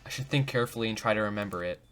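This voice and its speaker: Bright, goofy young gamer guy. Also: fairly low pitch, very fast, soft background music. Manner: goofy, self-mocking, talks to himself. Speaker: gaming video host. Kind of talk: let's play commentary.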